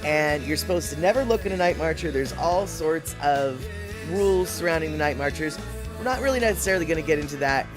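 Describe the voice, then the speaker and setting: A man chats casually as a stream host, rambling and restarting his thoughts. His voice sits a little high. Guitar music plays clearly underneath. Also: expressive, a little fast. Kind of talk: casual reaction commentary.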